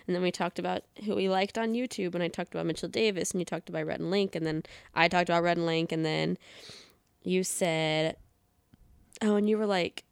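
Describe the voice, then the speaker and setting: Female podcast host, giggly and playful, clear voice, dry studio sound. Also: lowish voice, fairly even intonation, a little fast, no room sound. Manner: giggly, reads old messages aloud with playful voices. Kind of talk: casual chat.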